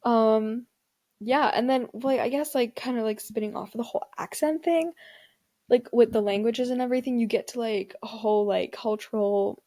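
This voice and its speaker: A young woman chatting alone on her podcast, loose and rambling, dropping "like" into nearly every phrase. She laughs often as she talks, with a relaxed, unscripted flow. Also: on the high side, normal speed. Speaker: podcast host. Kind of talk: casual solo chat.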